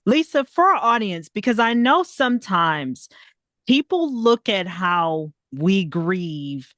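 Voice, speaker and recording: A woman hosts an interview, playful and affirming, often tagging her points with a quick "right?". Her voice sits at an everyday middle pitch. The recording is close and dry. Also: sing-song, a bit bright, no room sound. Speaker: podcast host. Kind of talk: conversational interview.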